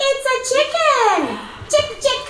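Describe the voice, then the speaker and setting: A woman's voice: very high-pitched, measured pace. A woman voicing a cheerful cartoon child who teaches English in a children's lesson, with a bouncy, sing-song, coaxing manner. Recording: played on speakers, echoey room from far off, loud noise.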